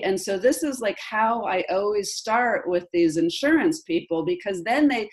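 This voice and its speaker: A woman's voice: a little high, moderate pace, few pauses. A woman in her forties leading a group coaching call, talking animatedly and often checking in with the listener. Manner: animated, keeps checking in with "right?". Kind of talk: casual coaching chat. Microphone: video call.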